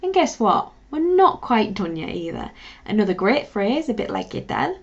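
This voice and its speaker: A woman's voice: medium pitch, sing-song, moderate pace. A woman teaching a beginner language lesson, encouraging, spelling words out and leading repeat-after-me drills. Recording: dull lo-fi sound.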